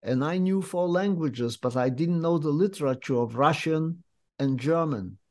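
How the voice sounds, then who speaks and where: An older man from Lithuania, recounting his memories in an interview as a vivid, unhurried storyteller. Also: fairly high pitch, darkish tone. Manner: vivid, unhurried storyteller with slightly non-native English phrasing. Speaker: interviewee, memoir author.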